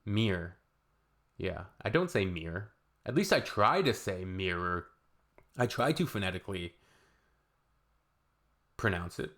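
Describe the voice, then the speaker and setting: A man from Canada giving casual reaction commentary, rambling with halting restarts and blunt asides. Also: deep voice, lively intonation, a bit bright. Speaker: reaction video creator.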